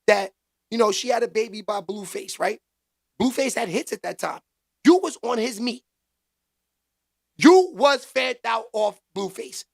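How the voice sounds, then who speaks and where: A livestream commentary host with a high, gravelly voice chats casually with his viewers in slangy street talk. He's animated and breaks into loud exclamations.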